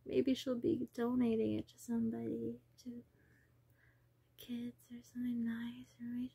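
A woman vlogger rambles through a personal video, drifting between thoughts, trailing off and sometimes dropping to a whisper. Her slightly high voice is gravelly, dark and a bit rough, delivered completely flat at a measured pace, with no room sound.

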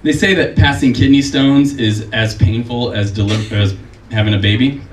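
Forties male comic, dry self-mocking stand-up delivery, heard from far off in a roomy club. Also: moderate pace. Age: 40s. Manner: self-deprecating, deadpan delivery with high put-on voices for quoted people. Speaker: stand-up comedian. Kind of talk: stand-up comedy set. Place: comedy club stage with live audience. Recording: roomy, distant mic, crowd audible.

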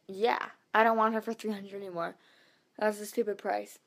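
A woman's voice: medium pitch, steady tone, moderate pace. A teenage girl vlogging at home at night. She rambles loosely, piles up fillers and drifts into half-whispers. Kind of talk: casual nighttime vlog.

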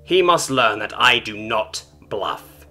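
Haughty female alien broker, read by a man, disdainful, formal, bright tone, animated pitch. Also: slow, faint music behind, exaggerated voice. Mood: weary, haughty. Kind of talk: storybook reading.

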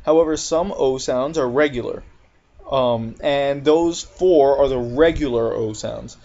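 A man gives an English pronunciation lesson at a very unhurried pace, stretching out each example word with care. The recording sounds a little dull and lo-fi. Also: mid-range voice, mellow. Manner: slow, deliberate, drawn-out example words. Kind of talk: recorded video lecture.

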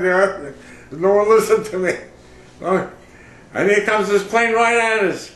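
A man's voice: high voice, reverberant, rough recording. An older man recounting memories in a rambling, casual way, full of fillers and acted-out orders. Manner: rambling, many fillers, acts out shouted orders. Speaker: interviewee, war veteran. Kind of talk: casual oral history storytelling.

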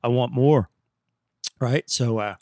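A man hosts a podcast and tells long, rambling anecdotes in an easygoing, chatty manner. His voice sits at an everyday middle pitch. The recording is close and dry, with no room sound. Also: slow, warm tone, no room sound. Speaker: podcast host. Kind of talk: casual storytelling monologue.

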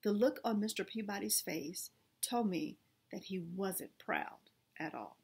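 A woman reading a children's storybook aloud in first person, expressive, with small restarts. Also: mid-range voice, unhurried, creaky, slight background noise.

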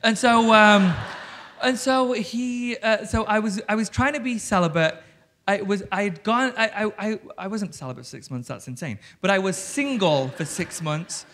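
A man in his thirties with a Yorkshire accent, an animated and cheeky storyteller who talks on stage with lots of fillers. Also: high-pitched, normal speed. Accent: English Yorkshire. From England. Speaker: guest author. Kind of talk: live stage conversation. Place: theatre stage before an audience.

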